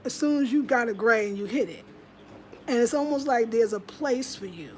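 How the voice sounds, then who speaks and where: Her voice is on the high side with lively intonation and a normal speed. She's a middle-aged American vlogger giving a casual monologue to camera at home, emphatic and chatty, switching into voices for quotes. Some slight background noise is present.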